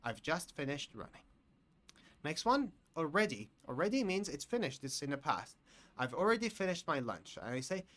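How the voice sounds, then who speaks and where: Guy teaching english grammar, super animated voice, slow and clear, repeats every example. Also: fairly high pitch. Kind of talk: grammar lesson for learners.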